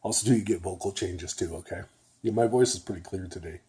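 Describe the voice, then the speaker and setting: An older man who used to be a nurse vlogs casually to the camera, rambling at a quick pace and often checking in with "okay?" His low voice is mellow, slightly rough, and a little nasal.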